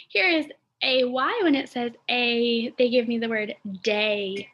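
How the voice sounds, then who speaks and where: With a fairly high pitch and the highs cut off in the audio, a woman teaches phonics to young children. She sounds out letters and words, enunciating with care, and talks through her thinking with pauses and fillers.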